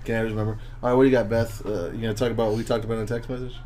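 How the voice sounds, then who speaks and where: A man co-hosting a casual podcast chat, telling stories excitedly with lots of fillers and restarts. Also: medium pitch, very fast, slight background noise. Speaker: podcast co-host.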